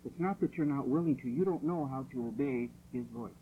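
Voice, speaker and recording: A man preaching a sermon in a church hall, insistent and forceful, driving points home through repetition. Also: mid-range voice, a little fast, narrow, tinny audio, a little hiss or hum. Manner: forceful, insistent, repeats phrases for emphasis.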